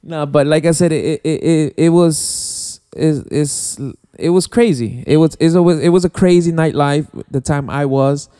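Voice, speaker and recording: A man, a guest DJ, chatting casually and haltingly, with many restarts and "you know". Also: on the high side, mellow, smooth. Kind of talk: casual studio chat. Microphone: studio mic.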